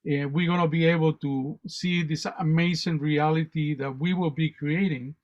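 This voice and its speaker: A man, a guest on a spiritual talk show, telling stories in an animated, rambling way and often repeating words. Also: a little high, normal speed. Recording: dull lo-fi online radio audio.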